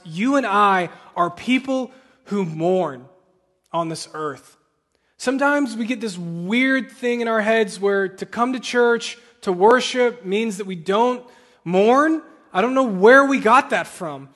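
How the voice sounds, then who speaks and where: A man's voice: very high-pitched, a bit bright. A man preaching a sermon as pastor in a church, talking earnestly and building to impassioned pleading. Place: church sanctuary. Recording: long hall reverb.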